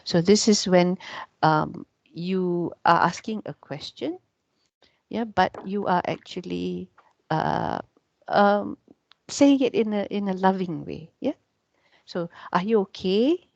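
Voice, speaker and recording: A woman teacher gives a casual, chatty grammar lecture, peppering her talk with "yeah" and "you know." Her voice has a gravelly edge. The recording is dry and muffled. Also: fairly low pitch, lively intonation, slow, no echo. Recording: dull, muffled sound.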